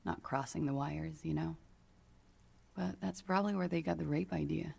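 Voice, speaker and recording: A weary, guarded young witness in a video game. Her voice is gravelly and husky with a dark, mellow tone, low-key and tired through every line. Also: normal speed, heavily acted. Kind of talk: game character voice acting.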